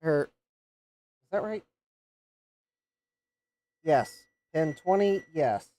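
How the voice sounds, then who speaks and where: A man's voice: a little high, animated, extremely slow, warm tone. A man hosting a live repair stream, thinking aloud and counting pins as he checks a circuit board. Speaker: host of a retro computer repair livestream.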